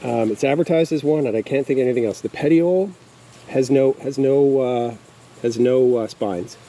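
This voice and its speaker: A mid-range, mellow male voice at a moderate pace narrates a casual stroll through his backyard garden. He rambles, often hesitating with fillers, and the rough recording catches faint outdoor insect noise.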